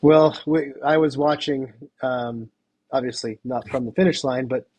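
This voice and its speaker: A man's voice: mid-range voice, steady tone, unhurried, darkish tone, no echo. A man hosting a podcast interview, enthusiastic and rambling, with plenty of fillers. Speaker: podcast host. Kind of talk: casual interview chat.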